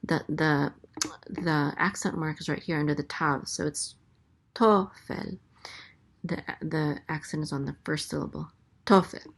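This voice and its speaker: Woman, very low voice, relaxed language teacher, slow explaining, lots of fillers. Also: vocal fry, breathy edge. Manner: slow and explanatory, with many fillers and self-corrections. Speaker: Biblical Hebrew teacher. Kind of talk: casual spoken lesson.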